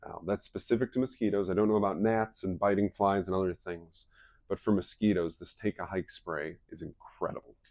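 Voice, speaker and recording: Chatty, low-voiced male presenter. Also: steady tone, brisk, darkish tone, no room sound. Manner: chatty storyteller who laughs at his own stories. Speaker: wellness presenter. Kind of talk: casual talk with anecdotes for a live audience.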